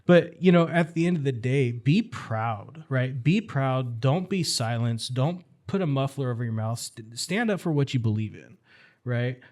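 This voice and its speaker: A man's voice: medium pitch, animated, moderate pace, a little mellow. A middle-aged man talks on a podcast as a firearms instructor guest. His voice sits mid-range, and he talks bluntly and with animation. He builds his stories toward rallying calls. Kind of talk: casual podcast conversation.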